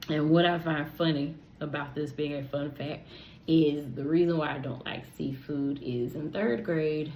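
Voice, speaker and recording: Low-voiced chatty woman podcaster. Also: slight background noise, rough recording. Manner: chatty and expressive, talks straight to listeners, laughs easily. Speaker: podcast host. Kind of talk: casual solo podcast chat.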